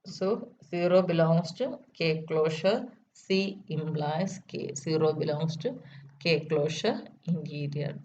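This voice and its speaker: Woman lecturer with a lowish voice, methodical proof-by-proof delivery, muffled lo-fi recording. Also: takes it slowly, dark tone. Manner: methodical, repeats key steps. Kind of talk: math lecture. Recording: dull lo-fi recording with faint noise.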